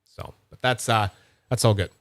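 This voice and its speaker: A man's voice: lowish voice, steady tone, moderate pace, fairly bright tone, dry recording, clean studio sound. A young man rambling casually about fidget toys, full of fillers and restarts. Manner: rambling, filler-heavy, chatty. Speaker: fidget toy reviewer. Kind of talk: casual unboxing chat.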